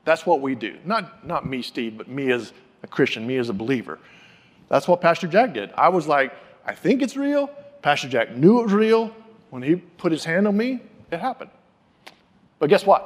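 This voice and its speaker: Animated male preacher in a reverberant hall. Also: on the high side, moderate pace. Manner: animated, acts out quoted voices. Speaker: pastor. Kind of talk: sermon storytelling.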